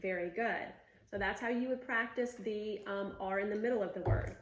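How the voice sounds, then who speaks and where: A woman's voice: medium pitch, dull audio, a little hiss or hum. Patient woman coaching speech sounds. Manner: patient, slow, drawn-out sound demonstrations; gives short coaching cues and praise. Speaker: speech teacher. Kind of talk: instructional demonstration. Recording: roomy echo.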